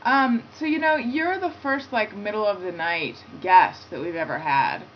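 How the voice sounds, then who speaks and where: A woman's voice: medium pitch, animated, moderate pace. A woman hosting a comedy talk show, telling a rambling self-deprecating story and chatting with a guest. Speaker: host. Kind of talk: casual chat and phone interview. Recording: lo-fi with faint noise.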